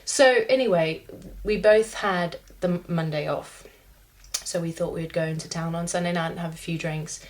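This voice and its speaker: A woman's voice: fairly low pitch, moderate pace. A young woman, chatting casually to camera, rambling with fillers as she tells a story. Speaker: vlogger.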